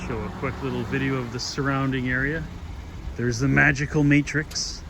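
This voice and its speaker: A man's voice: medium pitch, fairly even intonation, normal speed. Easygoing man narrating outdoors. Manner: rambling, easygoing, chatty asides. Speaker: travel and fishing vlogger. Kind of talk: casual walking-tour narration. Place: outdoors by a lakeside harbor. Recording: outdoor background noise.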